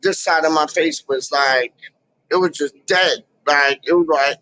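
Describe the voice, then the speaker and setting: A man ranting casually to camera in a vlog, full of slang and loud asides. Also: a little high, measured pace, highs cut off. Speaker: YouTuber. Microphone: camera mic.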